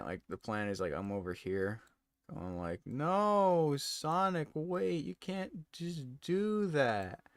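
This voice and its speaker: A man's voice: fairly low pitch, fairly bright tone, dry recording, clean studio sound. A man chatting casually on a live stream while editing photos, giggly and self-mocking.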